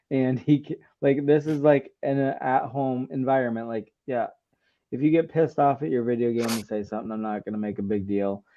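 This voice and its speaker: A man's voice: medium pitch, moderate pace. A man in his thirties chatting casually as co-host, laughing often and riffing with jokes. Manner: laughs often, jokey reactions. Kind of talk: casual chat. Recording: dull lo-fi sound.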